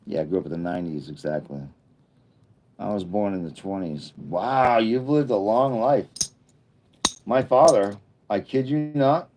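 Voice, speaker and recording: Deep, mellow-voiced man in his fifties. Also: a little slow, slight background noise. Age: 50s. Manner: rambling, jokey asides. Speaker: livestream host. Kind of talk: casual livestream chat, reading comments.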